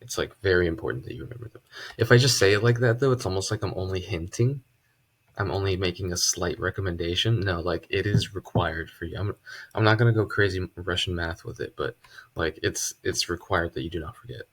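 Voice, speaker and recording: A man teaching a casual math lesson at a board, relaxed and chatty, with joking asides. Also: low voice, brisk, slightly rough. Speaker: math tutor.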